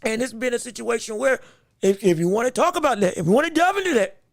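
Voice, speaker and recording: High-voiced rambling male podcast host. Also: fast, gravelly, dry recording, clean studio sound. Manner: rambling, repeats words, excitable. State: voice straining, going hoarse. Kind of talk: solo podcast talk.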